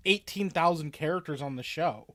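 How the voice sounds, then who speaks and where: A man's voice: on the high side, moderate pace, over a noisy crowd. A man in a casual podcast chat, joking and laughing often.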